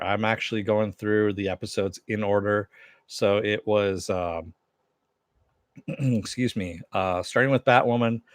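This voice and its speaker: Low-voiced man chatting casually, dry sound. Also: no room sound. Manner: rambling, loose, with many fillers and restarts. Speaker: show host. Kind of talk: casual live-stream chat with viewers.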